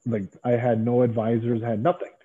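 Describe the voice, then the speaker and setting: A middle-aged man, a guest in a long interview, telling stories in an animated way and acting out the dialogue he quotes. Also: mid-range voice, fairly quick, breathy edge. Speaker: interview guest, former pro wrestler. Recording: tinny phone-like line.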